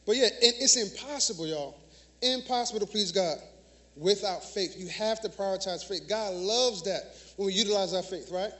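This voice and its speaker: A man's voice: sits high, normal speed, bright, forceful tone. A man preaching a sermon in a church, emphatic and conversational, using call-and-response with the congregation. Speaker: minister.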